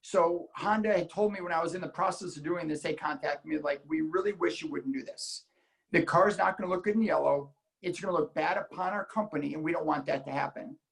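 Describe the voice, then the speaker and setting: A man from Illinois telling a story in casual chat, animated and acting out the voices he quotes. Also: fairly high pitch, fairly quick, creaky, rough recording. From Illinois, United States. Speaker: guest car enthusiast.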